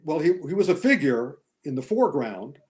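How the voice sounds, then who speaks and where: An older man, a guest critic, explaining movies in a measured casual chat. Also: a little high, sing-song.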